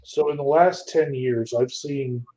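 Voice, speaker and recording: A man speaks in a measured, deliberate way during a casual chat. His voice is mellow and dark, middle in pitch. The recording is dull and lo-fi. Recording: dull lo-fi audio.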